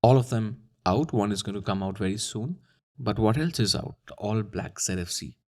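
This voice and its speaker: A man's voice: on the low side, normal speed, dark tone. A man talking casually to camera, with a playful, teasing manner. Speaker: camera YouTuber. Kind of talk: casual talking-head commentary.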